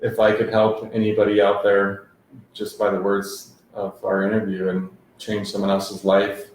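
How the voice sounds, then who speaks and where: A laid-back man shares his experience as a guest, speaking loosely and restarting his sentences. His voice is on the low side. It is heard in a very echoey room with a faint hum of noise behind. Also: monotone, moderate pace, darkish tone. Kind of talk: conversational testimony.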